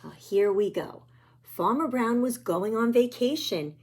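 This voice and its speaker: A woman reading a picture book aloud to young children, gentle and pointing out the pictures as she goes. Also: a little high, animated, measured pace, slightly rough. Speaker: children's storyteller.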